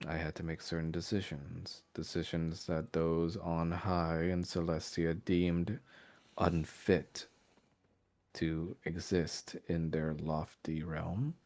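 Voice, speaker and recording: A man voicing an ancient male vampire lord, speaking slowly in grave, formal sentences. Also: sits low, a little mellow. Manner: slow, grave, formal speech.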